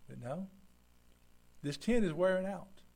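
Folksy preacher man, lively. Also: high voice, a little slow, vocal fry. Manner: folksy, acts out quoted voices. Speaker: pastor. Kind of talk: sermon.

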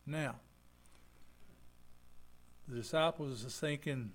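A man's voice: mid-range voice, takes it slowly. A man preaching a folksy sermon as pastor, acting out the people he quotes. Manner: folksy, acts out quoted voices.

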